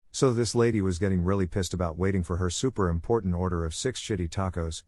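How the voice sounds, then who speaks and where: A man's voice: deep voice, a little mellow, dry recording. A man narrating online posts as scripted stories, lifting his voice for quoted customers and workers.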